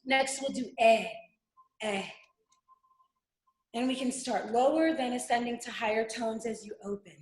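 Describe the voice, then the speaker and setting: Brief: high-pitched woman instructor, calm guided vocal exercise, echoey room. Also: measured pace, long pauses. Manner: calm step-by-step guidance with sustained sung vowels. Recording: roomy echo.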